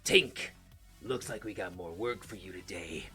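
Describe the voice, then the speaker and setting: A man voicing a deep-voiced, commanding male scrapyard gang boss. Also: a little slow, music in the background.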